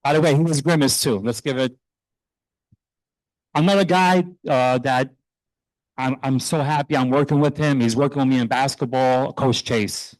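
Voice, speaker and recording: A middle-aged man, a youth soccer coach, speaking earnestly and proudly while honoring his players at a town meeting, loose and a little halting. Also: mid-range voice, dry recording, poor audio. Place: township council meeting room.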